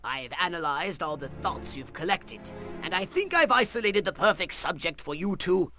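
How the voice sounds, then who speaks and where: A man's voice: sits high, big pitch swings, moderate pace, bright, forceful tone, faint music behind, exaggerated voice. A man voicing a scheming, condescending alien commander in video game dialogue. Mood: bossy. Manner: commanding, sneering.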